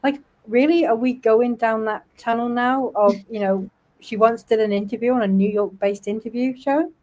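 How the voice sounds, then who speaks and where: A woman's voice: fairly high pitch, normal speed, a little mellow, muffled recording. A British woman hosting a casual livestream panel chat, talkative and snarky, often breaking into laughter. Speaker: livestream host.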